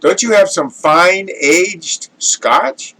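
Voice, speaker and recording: A man voicing a refined, snooty scotch connoisseur who drawls his words slowly and haughtily. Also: high-pitched, expressive, pushed and bright, pitched above the performer's own voice, full character voice, low-quality recording. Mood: haughty. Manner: slow, drawn-out, haughty.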